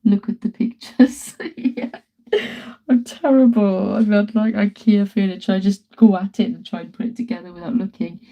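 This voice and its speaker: A woman in her thirties, an artist, chats casually on a live stream from her home art studio, laughing often and greeting viewers as she works. Her medium-pitched voice holds a steady tone at a normal speed. The audio sounds dull.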